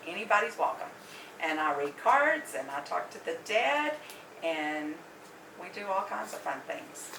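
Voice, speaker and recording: Chatting casually, a medium and tarot reader tells a story, talking a lot and laughing frequently. She has a medium-pitched voice with vocal fry and a measured pace, recorded roomily from a distant mic with faint noise.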